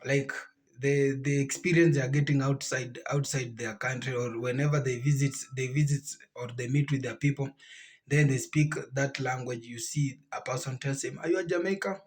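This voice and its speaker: A man hosting a reaction video, explaining things haltingly and repeating himself. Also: medium pitch, little pitch movement. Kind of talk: casual explanatory commentary.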